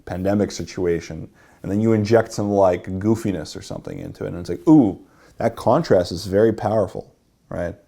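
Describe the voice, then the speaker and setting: A man's voice: sits low, a little fast, gravelly, dark tone. A man teaching a workshop as a dating coach, explaining and demonstrating how to deliver lines.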